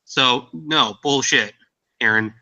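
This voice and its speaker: Halting man with a sharp, bright voice. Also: medium pitch, highs cut off. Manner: halting, with frequent ums. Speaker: panel guest.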